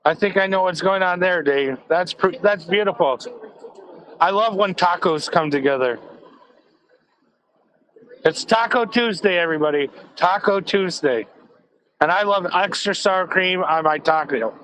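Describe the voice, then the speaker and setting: A man's voice: sits high, unhurried, fairly bright tone, poor audio. A man on a live stream group call, joking and rambling with goofy asides.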